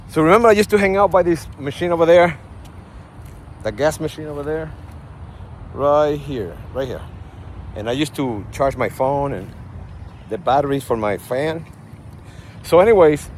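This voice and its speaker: A man from Puerto Rico with a Puerto Rican accent, vlogging to his phone in a parking lot in a rambling, animated way, full of asides. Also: fairly high pitch. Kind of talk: casual vlog talk. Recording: faint outdoor traffic noise.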